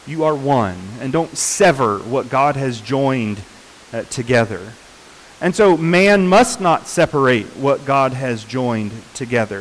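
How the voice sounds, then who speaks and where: A man preaching a sermon in an unhurried, earnest way, often pausing with fillers and restarting his sentences. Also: mid-range voice, lively intonation, a little hiss or hum, low-quality recording.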